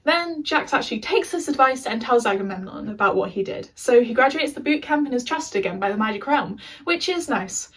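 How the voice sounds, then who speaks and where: A woman's voice: a little high, lively intonation, a little fast, hardly any pauses, a bit bright, husky, distant mic, poor audio. A young English woman recapping a TV show in a casual, chatty rant with sarcastic asides. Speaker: video essayist.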